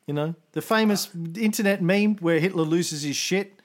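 A man's voice: high voice, normal speed, a crowd in the background. A man co-hosting a podcast, telling history in a loose, jokey, conversational way. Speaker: podcast co-host. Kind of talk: casual history storytelling.

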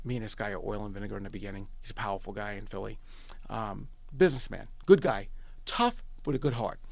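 A man's voice: fairly low pitch, fast, vocal fry, no echo. A middle-aged man from New York with a New York accent, telling a story as a podcast guest, emphatic and repeating himself, quoting dialogue. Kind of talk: animated storytelling.

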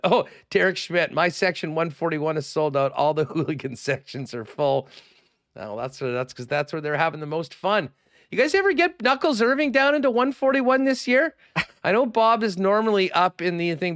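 On a relaxed sports talk show, a male sports radio host with a Canadian accent chats and wanders through sponsor promos and giveaways. His voice sits on the high side with a touch of brightness, and the studio-quality recording is dry.

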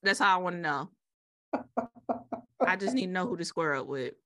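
Laid-back low-voiced woman. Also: normal speed, bright, forceful tone. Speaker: podcast co-host. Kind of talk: casual chat.

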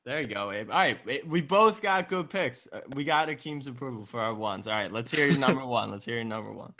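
An animated man hosts a casual podcast chat and laughs easily. His voice has a bright, forceful edge. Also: medium pitch, brisk. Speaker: podcast host.

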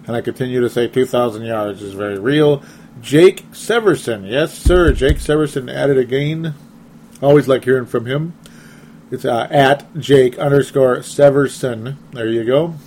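A man's voice: mid-range voice, a little slow, a little mellow, a little hiss or hum. Chatty man hosting a sports podcast. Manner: chatty, self-deprecating, laughs often. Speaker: podcast host reading listener comments. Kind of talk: casual sports talk show.

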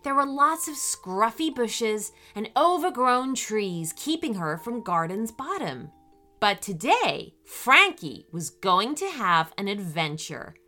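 Woman storyteller, lively swooping voice, slow unhurried pace, kids' podcast, soft music behind. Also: fairly high pitch. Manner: animated, warm storyteller. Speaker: children's story podcast host. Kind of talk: storytelling for children.

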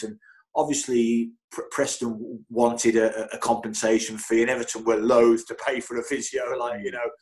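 A middle-aged man, a football physio, telling anecdotes in an interview with lively energy, often stammering and repeating words. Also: mid-range voice, moderate pace, low-quality recording. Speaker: football club physio, guest.

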